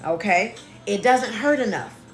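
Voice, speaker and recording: A woman's voice: medium pitch, expressive, a little slow. Woman coach chatting thru a live class, keeps saying "right?", echoey room, bit of music under it. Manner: casual, keeps asking "right?" and greeting viewers by name. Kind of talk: motivational live class talk.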